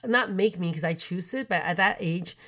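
A woman in her forties from Canada, telling personal stories in a chatty, animated way with many fillers. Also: on the low side, normal speed. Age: 40s. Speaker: podcast host. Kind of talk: storytelling chat.

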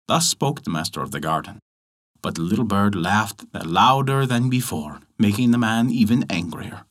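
A man hosting a folk tale podcast, narrating in an expressive, measured storytelling manner. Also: on the low side. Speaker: storyteller host.

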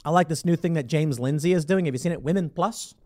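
A man's voice: on the high side, quick pace, a little mellow. A man giving casual, sarcastic commentary on news stories, reading passages aloud and reacting with incredulity. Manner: sarcastic, incredulous, breaks into mock voices. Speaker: political commentator.

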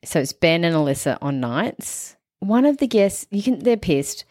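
A woman co-hosting a casual recap podcast, animated and acting out quotes in a put-on voice. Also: lowish voice, normal speed, no room sound, studio quality. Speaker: podcast co-host.

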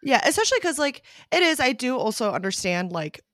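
A woman co-hosting a casual podcast, talking candidly and swearing freely, leaning on "like" and jumping up high when she quotes herself. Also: a little fast, dry recording, clean studio sound. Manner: animated, jumps high when quoting herself. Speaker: podcast co-host. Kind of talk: casual chat.

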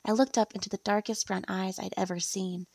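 Gravelly woman reading a romance story. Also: medium pitch, steady tone, brisk, darkish tone, no room sound. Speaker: narrator.

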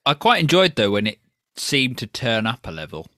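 A man co-hosting a casual film review chat, jokey and quick to put on mock-posh voices. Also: mid-range voice, big pitch swings, a bit bright, no room sound, studio quality. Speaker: film podcast co-host.

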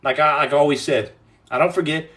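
Riffing on viewer comments he reads aloud, an American man runs a relaxed livestream podcast. He talks at a quick pace in a notably high, slightly bright voice, rambling happily and coining playful nicknames.

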